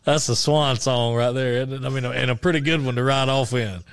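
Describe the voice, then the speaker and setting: A man co-hosting a radio show, chatting casually about sports and rambling through many halting restarts. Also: medium pitch, fairly even intonation, smooth, no room sound.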